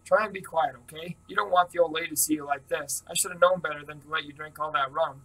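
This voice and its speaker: A man reading the lines of a calm, easygoing teenage boy in a story, in his own plain voice. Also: a little high, quick pace, low-quality recording. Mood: easy.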